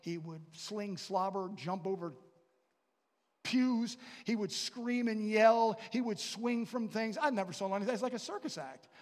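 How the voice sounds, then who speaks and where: A man's voice: sits high, expressive, normal speed. Man, pastor, sermon, storytelling, long hall reverb. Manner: storytelling, with asides and questions to the congregation.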